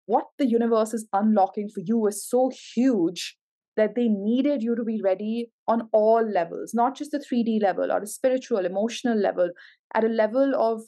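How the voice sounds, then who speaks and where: A woman's voice: medium pitch, mellow. A woman giving a tarot reading to camera, gushing and emotional, full of exclamations. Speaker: tarot reader.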